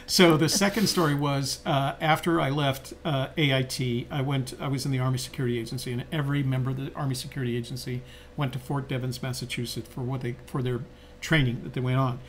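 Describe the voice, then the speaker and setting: An older man co-hosts a podcast, telling stories reflectively and conversationally, with frequent fillers and restarts. His medium-pitched voice has fairly even intonation and a quick pace. Slight background noise is audible.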